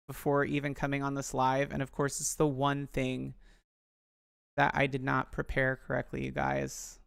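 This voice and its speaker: Gravelly, slow-talking male live streamer. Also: mid-range voice, fairly bright tone, no echo, clean studio sound. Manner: chatty, self-deprecating, addresses viewers. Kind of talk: rambling live-stream chat.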